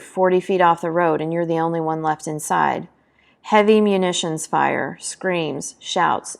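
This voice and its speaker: A woman's voice: lowish voice, vocal fry. A woman presenting a book talk, reading a novel excerpt aloud with dramatic delivery and spoken battle sound effects.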